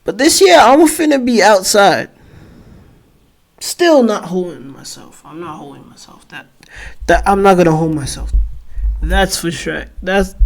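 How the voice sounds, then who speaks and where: A 21-year-old man with a stuffy, blocked nose, rambling excitably and in slang as he hosts a reaction video. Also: sits high, a little slow, creaky, pauses often. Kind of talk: casual reaction commentary.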